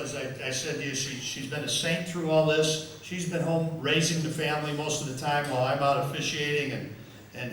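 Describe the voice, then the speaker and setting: Speaking after dinner in a large members' dining room, an older football official tells self-amused stories as guest speaker, frequently repeating words. His voice is a little high and a bit bright, heard distantly in an echoey hall over slight background noise.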